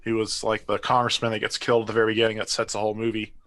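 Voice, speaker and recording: Bright, easygoing man on a podcast. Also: fairly low pitch, monotone. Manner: easygoing, quick to laugh, short remarks. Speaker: podcast co-host. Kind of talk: casual chat. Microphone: remote call.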